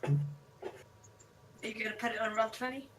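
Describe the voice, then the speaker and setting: A woman playing at a tabletop game, chiming in with quick, laughing remarks. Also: fairly high pitch, level tone, far from the mic, a little hiss or hum, rough recording. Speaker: player. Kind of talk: casual chat at a game table.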